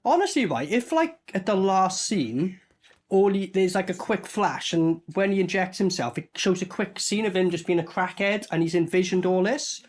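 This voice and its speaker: A man with a high-sitting, animated voice reviews a movie at a moderate pace. His casual reaction commentary rambles, is full of swearing, and features silly put-on voices.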